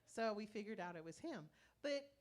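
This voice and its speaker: A woman's voice: medium pitch, lively intonation, moderate pace. A woman minister giving a conversational sermon in a church, telling stories and acting out inner voices. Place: church sanctuary.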